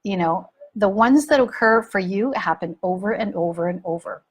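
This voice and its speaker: A woman's voice: mid-range voice, normal speed, breathy edge. A middle-aged woman hosting a parenting talk, speaking frankly and animatedly and repeating words for emphasis. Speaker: parenting coach and podcast host. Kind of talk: casual talk to listeners.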